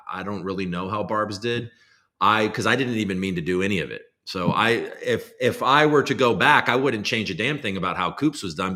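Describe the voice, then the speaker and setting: Bright-voiced casual male streamer. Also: lowish voice. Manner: rambling, self-deprecating, swears casually. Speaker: livestream host. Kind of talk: casual livestream chat.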